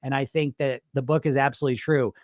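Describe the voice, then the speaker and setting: A man's voice: mid-range voice, fairly even intonation, quick pace, darkish tone, dry recording, clean studio sound. A middle-aged man coaching on weight loss in a loose, rambling live-stream chat, swearing casually and restarting his sentences.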